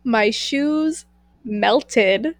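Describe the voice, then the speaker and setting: A young woman tells a story in a fairly high voice, dropping "like" constantly and acting out both sides of the exchange. The sound is dry and close to the mic. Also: extremely slow, no echo. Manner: animated, fillers of "like", acts out quoted lines. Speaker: podcast co-host. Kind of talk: casual storytelling chat.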